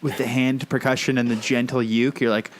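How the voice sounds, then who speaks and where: A man co-hosting a podcast in loose, casual chat. He talks wryly, laughs often and swears offhandedly. His voice sits at a medium pitch. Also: flat delivery, a little fast. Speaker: podcast co-host.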